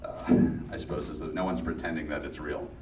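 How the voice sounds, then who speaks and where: Deep-voiced rambling man in an echoey room. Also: steady tone, brisk, a little mellow, distant mic, a little hiss or hum. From Los Angeles. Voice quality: rambling, self-interrupting, laughs often. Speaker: guest, former child actor. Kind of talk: storytelling to a live audience.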